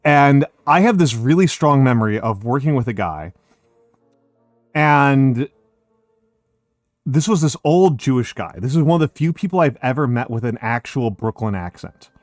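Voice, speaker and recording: A man's voice: medium pitch, expressive, normal speed, dry recording, faint music behind. An American man on a voice call, rambling and swearing in casual chat, laughing often. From United States. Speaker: streamer.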